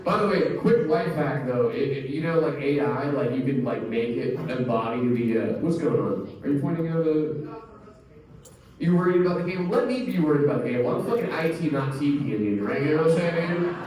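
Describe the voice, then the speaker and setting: Crude rambling comedian in an echoey club. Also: male voice, mid-range voice, a little fast, recorded from a distance, crowd noise. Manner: loose, crude, rambling with many "like"s. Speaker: stand-up comedian. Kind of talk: stand-up comedy set.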